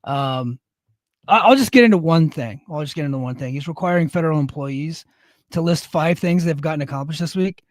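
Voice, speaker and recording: Easygoing man, casual co-host, higher-pitched, dry, reads chat. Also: fairly quick, no echo. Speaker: podcast co-host; Air Force service member in leadership.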